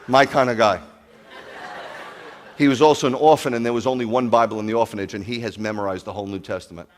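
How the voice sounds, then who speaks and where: Animated man preaching a sermon. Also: mid-range voice, fast talker. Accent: New York. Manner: animated, storytelling, asks the crowd questions. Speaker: pastor. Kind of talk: sermon to a congregation.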